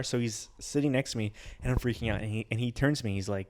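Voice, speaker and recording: A man's voice: fairly low pitch, fast talker. A man in his twenties, co-hosting a casual comedy podcast, telling stories with restarts and acting out the people in them. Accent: Canadian. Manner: animated storyteller, acts out voices loudly, stammers and restarts. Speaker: podcast co-host.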